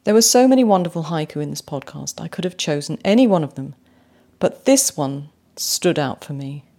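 A woman hosting a poetry podcast, speaking with warm enthusiasm and slowing down to savour lines read aloud. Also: low voice. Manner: animated, slows right down to read poems aloud. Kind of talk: podcast commentary on haiku.

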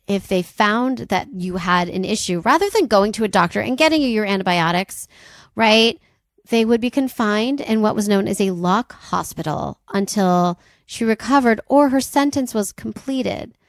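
A woman's voice: medium pitch, animated, moderate pace, no room sound. A woman co-hosting a casual history podcast, telling the story from her notes with wry, amused asides. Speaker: podcast co-host.

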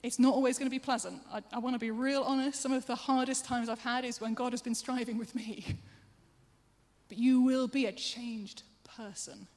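Woman, preacher, sermon, higher voice, chatty, self-deprecating asides, long hall reverb. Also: fairly even intonation, normal speed, darkish tone.

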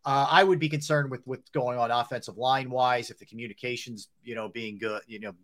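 A man's voice: medium pitch, steady tone, a little fast, a bit bright. A man co-hosting a sports talk show, talking conversationally and reeling off player stats with plenty of "you know" and "um". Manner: conversational, rattles off stats, many fillers. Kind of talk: casual sports radio chat.

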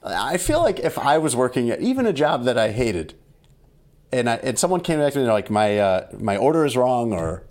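A man's voice: medium pitch, very animated, a little fast, a little mellow. Wry man telling a story. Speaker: podcast co-host. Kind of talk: casual chat.

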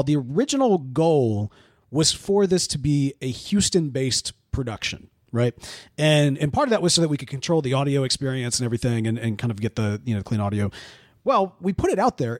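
Lively fast-talking man host. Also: a little high, no room sound, studio quality. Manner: animated, laughing, many restarts. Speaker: podcast co-host. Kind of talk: casual podcast chat.

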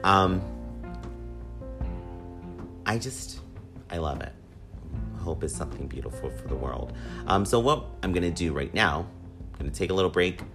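A man's voice: sits low, animated, normal speed, long pauses. A man hosting his own podcast in an upbeat, rambling, repetitive way, with a slightly whiny voice. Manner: upbeat, rambling, repeats himself with fillers. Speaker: podcast host. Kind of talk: casual solo podcast monologue. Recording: music playing under the voice. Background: guitar music.

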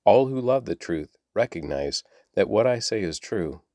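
A man reading aloud the calm, measured answers of a dignified teacher. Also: on the low side, no echo, studio quality.

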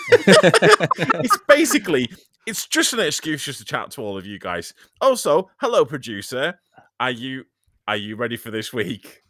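A man chats as a podcast host with a bright, forward tone, his pitch bouncing around a lot. He rambles and jokes, stumbling through fillers and restarts. The sound is dry and close. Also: dry recording. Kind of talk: casual podcast chat.

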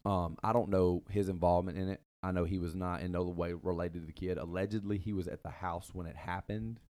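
A man's voice: sits low, steady tone, a little fast, darkish tone. A man hosting a casual chat, telling a long rambling story full of asides and fillers.

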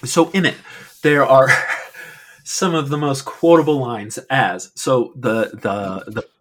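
A man's voice: mid-range voice, steady tone, slow. A male podcast co-host telling a rambling story in casual chat, swearing freely and filling gaps with ums.

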